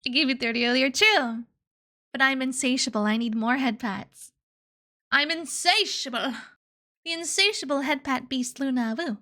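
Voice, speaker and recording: Bright, high-pitched playful woman streamer. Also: moderate pace. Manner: playful, giggly, reads chat aloud, cutesy baby talk. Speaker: VTuber streamer. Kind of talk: casual live-stream chat.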